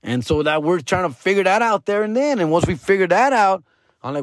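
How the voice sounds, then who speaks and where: A man's voice: sits high, lively intonation, fairly quick, no echo, studio quality. Slangy man telling a comic story. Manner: slangy, rambling, calls the listener dog and fool. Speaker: podcast host. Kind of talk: comedic storytelling.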